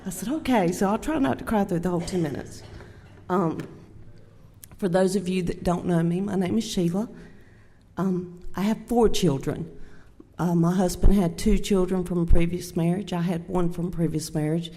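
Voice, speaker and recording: A woman's voice: fairly low pitch, mellow. Tearful older Southern woman in church. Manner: halting, heartfelt, many fillers. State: near tears, tearful. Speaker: church speaker. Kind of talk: personal Mother's Day talk. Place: church sanctuary. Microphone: handheld microphone. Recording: long church hall reverb.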